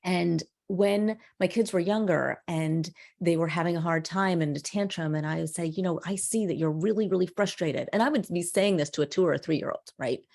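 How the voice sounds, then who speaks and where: Speaking at normal speed with few pauses, a middle-aged woman with a creaky, lowish voice guests on a podcast. She's an animated storyteller in this casual chat, performing the dialogue she quotes.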